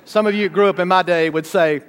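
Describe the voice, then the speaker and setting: Animated high-voiced preacher. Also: male voice, a little fast, smooth. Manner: animated preaching, sudden shouts and asides to the congregation. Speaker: pastor. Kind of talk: sermon.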